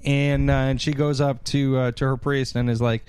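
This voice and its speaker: A man's voice: mid-range voice, little pitch movement, normal speed, a little mellow, clear, resonant tone. A man on a podcast mic, casually recapping a TV episode, laughing and acting out the characters in exaggerated voices. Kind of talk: casual chat. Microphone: handheld podcast mic.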